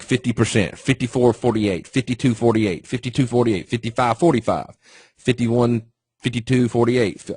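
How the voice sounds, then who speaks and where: A man's voice: mid-range voice, a little mellow, breathy edge, no echo. A man teaching trading in a casual webinar, talking conversationally and asking the audience questions. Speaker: trading educator.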